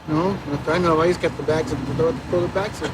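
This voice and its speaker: A man's voice: fairly high pitch, fairly even intonation, brisk. A frightened, breathless man pleading with officers while detained outdoors. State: breathless, panicked. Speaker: detained suspect. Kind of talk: pleading during arrest. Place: outdoors on a street. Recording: loud outdoor street noise.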